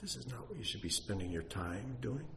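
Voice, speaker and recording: A man voicing the gentle, still small voice of God, very soft and hushed. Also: fairly low pitch, big pitch swings, a little fast, roomy sound, a little hiss or hum.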